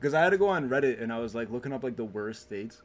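A man's voice: medium pitch, lively intonation, quick pace. A young man from Connecticut co-hosting a casual chat, rambling with many fillers and laughing easily. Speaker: podcast co-host.

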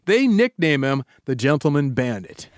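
A man co-hosting a podcast, telling a true-crime story in a casual, animated way with frequent laughs and asides. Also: mid-range voice, moderate pace, no room sound, clean studio sound.

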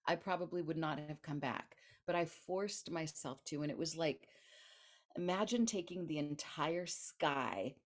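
Laughing and mimicking the voices of others, a woman author tells a personal story with animation during an interview. Her voice is on the low side.

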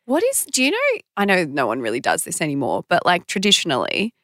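Woman co-host, teasing, filler-heavy, lively pitch, dry sound. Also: brisk, no room sound. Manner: chatty, teasing, many fillers. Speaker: podcast co-host. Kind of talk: casual chat.

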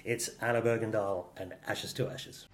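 A man's voice: lowish voice, steady tone, normal speed, over loud music. A man co-hosting a podcast, matter-of-fact with dry understatement. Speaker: podcast co-host. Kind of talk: casual chat. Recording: roomy echoey room.

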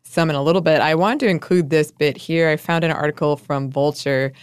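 Chatty woman podcast host, lowish voice. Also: a little fast, smooth, no room sound, studio quality. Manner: chatty, laughs often, many fillers. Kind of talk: casual chat.

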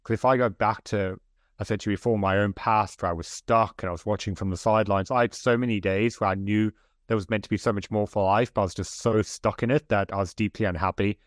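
A male coach and author with a lowish voice talks earnestly about mindset, peppering his speech with "like." His voice is recorded close and dry. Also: steady tone, fast, no room sound. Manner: earnest, motivational, frequent "like". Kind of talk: podcast interview.

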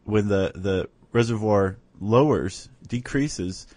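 A man's voice: lowish voice, slow pace, a little mellow, no room sound. A man co-hosting a podcast, explaining step by step in casual chat and often checking in with "right?". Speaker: podcast co-host.

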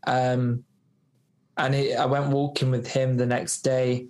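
A man's voice: mid-range voice, level tone, slow pace, darkish tone, slight background noise. A man, a podcast guest, telling a personal story in a loose, rambling way, full of fillers and acted-out dialogue. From United Kingdom. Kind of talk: storytelling in a casual interview.

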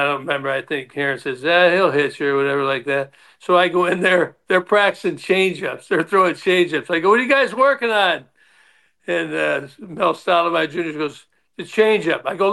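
In a casual chat, a guest in his sixties, once a player and later a manager, tells animated stories and acts out the voices of the people he quotes. His voice sits on the high side, with a clear, resonant tone.

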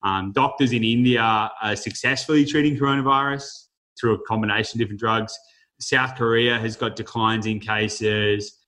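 A man's voice: on the low side, steady tone, moderate pace, sharp tone, rough recording. A man hosting an online panel, talking in a rambling, reflective way with many fillers. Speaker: host of an online panel discussion. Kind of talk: casual panel chat.

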